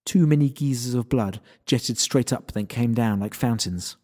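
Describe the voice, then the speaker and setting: A man's voice: mid-range voice, moderate pace, mellow. Wry, laid-back male story narrator. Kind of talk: first-person story narration.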